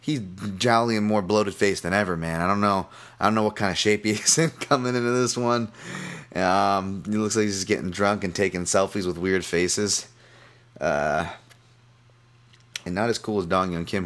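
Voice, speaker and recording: On his podcast, a man rambles casually through his fight picks as a betting analysis monologue, poking fun at himself and frequently starting sentences over. His voice is lowish and a bit bright.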